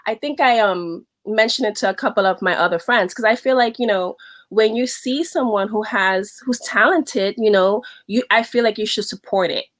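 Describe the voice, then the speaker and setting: A woman from the Bronx with a New York accent, chatting excitedly as a podcast guest over a video call. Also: medium pitch, normal speed. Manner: animated, excitable storyteller. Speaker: guest, wardrobe stylist. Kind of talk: casual chat.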